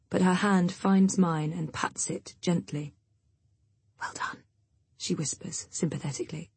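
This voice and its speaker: A woman reading a first-person audiobook in a quiet, intimate way. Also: lowish voice, breathy edge, no room sound. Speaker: audiobook narrator.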